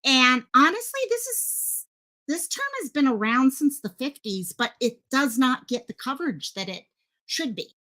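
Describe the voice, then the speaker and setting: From a home streaming setup in Hawaii, a woman hosts a casual live stream through a desk headset mic, greeting viewers by name and chatting in a rambling, filler-heavy way. Her voice is high-pitched, pushed, and bright, with a sing-song quality at a moderate pace.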